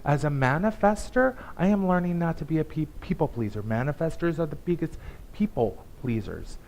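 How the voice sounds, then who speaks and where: A man giving a conversational, emphatic sermon at a church service, with pauses and restarts. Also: a little high, animated, vocal fry, darkish tone, muffled recording. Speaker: guest speaker.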